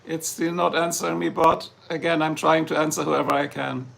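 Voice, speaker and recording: A German man with a German accent hosts a casual livestream, answering viewer comments in a rambling, jokey way. His voice is fairly high, gravelly and fairly bright, with a level tone and a slightly fast pace.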